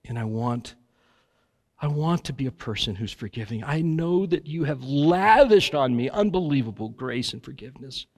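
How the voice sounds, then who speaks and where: A man praying aloud in church, his voice husky and a little raspy. He speaks in an earnest, halting way, pausing and restarting as he confesses. His pitch sits in an ordinary middle range. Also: lively intonation, a little mellow. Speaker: guest preacher leading prayer. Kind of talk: spoken prayer. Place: church sanctuary.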